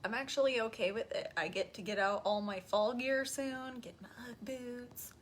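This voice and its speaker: A woman's voice: fairly high pitch, moderate pace. A woman co-hosting a live online show, making bubbly small talk and laughing easily. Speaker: co-host. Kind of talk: casual chat on a live stream.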